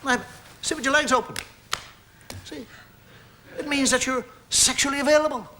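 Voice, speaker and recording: High-voiced man doing stand-up. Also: steady tone, normal speed, noisy background. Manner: conversational, acts out gestures and sounds. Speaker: comedian. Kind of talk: stand-up comedy monologue. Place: stage before a live audience.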